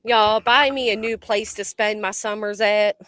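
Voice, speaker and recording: A woman's voice: mid-range voice, fairly even intonation, measured pace, background noise. A woman hosting a casual commentary livestream outdoors by a tree, jumpy and swearing a lot as she talks to her chat.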